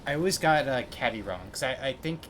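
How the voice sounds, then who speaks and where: A man's voice: mid-range voice, animated, fast talker. Man, casual gaming chat, rambling, game noise behind. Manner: rambling, many restarts and "like". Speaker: streamer playing a game with a friend.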